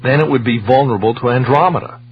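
A man's voice: mid-range voice, fast, pitched above the performer's own voice, natural voice. A man voicing an urgent male scientist who presses his argument emphatically, on a dull lo-fi recording with a faint hum.

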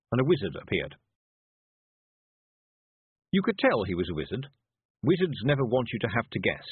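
A man narrating an audiobook in a measured, wry manner. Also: on the low side, breathy edge, no room sound. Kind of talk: scripted narration. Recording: dry tinny phone-like audio.

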